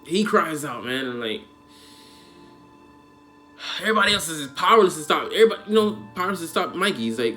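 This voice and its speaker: Guy reviewing an anime ep, all slang and "you know", super emotional, rambly, soft music playing underneath. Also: a little high, expressive, brisk, pauses often. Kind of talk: casual episode review. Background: faint background music.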